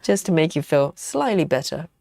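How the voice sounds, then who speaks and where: A woman's voice: low voice, big pitch swings, moderate pace, vocal fry, dark tone, no echo. A woman hosting a casual cross-stitch livestream, chatty and giggly, snacking on chocolate and reading out viewer comments. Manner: snacks on chocolate while talking. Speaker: livestream host. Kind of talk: casual live-stream chat while cross-stitching.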